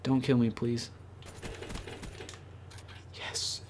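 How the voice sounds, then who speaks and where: A man giving casual commentary over his own multiplayer gameplay, rambling with many fillers and breaking into excited bursts. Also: mid-range voice, extremely slow, slight background noise. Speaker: gaming channel host.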